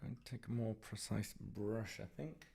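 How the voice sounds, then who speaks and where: Male livestream art host, gravelly voice, rambling and self-mocking, casual painting chatter. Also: fairly low pitch, moderate pace, dark tone. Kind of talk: casual live commentary while painting.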